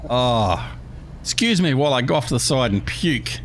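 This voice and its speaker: An Australian man hosts a relaxed livestream at a middling pitch. He rambles from topic to topic, cracks jokes and reads viewers' messages aloud, with a faint hiss underneath. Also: normal speed. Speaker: livestream host. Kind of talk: casual livestream chat.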